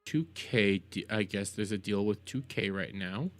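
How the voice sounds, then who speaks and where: A streamer reacting live to clips for chat. The talk is unhurried and loose, with lots of repeated phrases, stammers and laughter. Faint music plays underneath. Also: sits low, dry recording.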